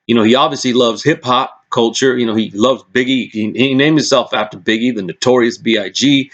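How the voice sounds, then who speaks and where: A man in a casual vlog rant, worked up and swearing freely as he talks. He often restarts and stumbles over his sentences. His voice sits at an ordinary male pitch. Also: a little fast, muffled recording. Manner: excitable, swears a lot, frequent restarts. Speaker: vlogger recapping press conferences.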